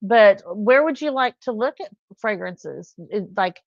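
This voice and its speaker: On a dull lo-fi recording with no echo, a woman speaks in a medium-pitched, gravelly voice, animated but unhurried. As a live stream host, she rambles chattily through everyday stories in a casual way.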